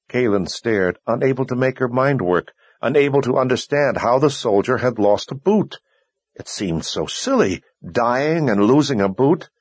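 A man narrating an audiobook in a steady, measured storytelling voice. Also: lowish voice, husky, dry recording. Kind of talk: scripted narration.

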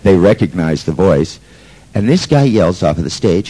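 A man's voice: low voice, lively intonation, unhurried, mellow, low-quality recording. A man telling a story to an audience in a brash, sardonic way, swearing freely. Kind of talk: profane storytelling talk.

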